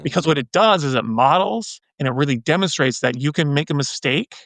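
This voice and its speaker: A man's voice: fairly high pitch, animated, a little fast, fairly bright tone, no room sound. Earnest man talking loosely. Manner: earnest, loose, many fillers and restarts. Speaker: guest. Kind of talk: casual podcast conversation.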